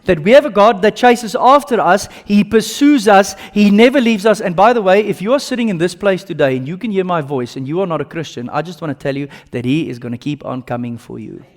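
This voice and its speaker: A man with an Afrikaans accent, a native Afrikaans speaker from South Africa, preaching a sermon with dramatic swings from loud bursts to hushed lines. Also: high-pitched, brisk, few pauses. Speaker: pastor. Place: church service.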